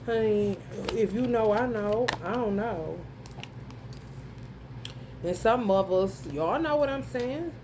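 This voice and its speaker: A woman with a high voice talks slowly and deliberately through a casual astrology reading. She is blunt and profane, calling out to her viewers and breaking into exclamations. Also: background noise. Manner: blunt, profane, emphatic, addresses viewers directly; breaks into frequent laughter and exclamations. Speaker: tarot reader.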